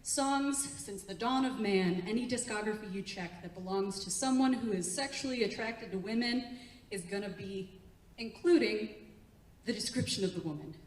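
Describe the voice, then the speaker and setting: Heard from a distance in an echoey theatre, a young woman does a stand-up set before an audience, chatting, laughing frequently and engaging the crowd. Her voice is medium pitched and her pace normal.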